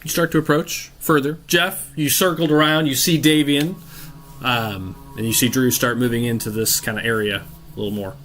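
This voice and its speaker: A man's voice: medium pitch, fairly even intonation, a bit bright, slight background noise. A man running a tabletop role-playing game, narrating scenes with frequent restarts and fillers. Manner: halting, many restarts and fillers. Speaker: game master.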